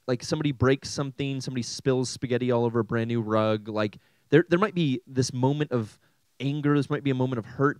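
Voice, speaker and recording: A young man preaching to a high school group, animated and jokey, often asking the room questions. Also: dry recording, low-quality recording. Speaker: youth pastor. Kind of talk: sermon.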